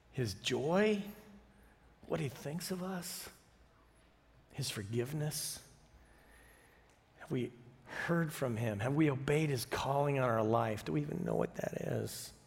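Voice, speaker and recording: A middle-aged man preaching a sermon, telling stories in a lively way, chuckling often and asking the audience questions. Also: a little high. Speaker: pastor. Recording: reverberant hall.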